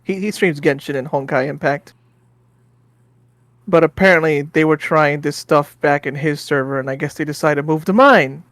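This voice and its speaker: A man's voice: on the high side, moderate pace, a bit bright, no echo. A man co-hosting a game stream, chatting casually and reading viewer comments aloud.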